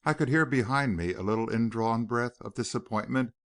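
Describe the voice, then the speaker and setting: A man narrating a mystery audiobook in a measured storytelling manner. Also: mid-range voice, a bit bright, no room sound, clean studio sound.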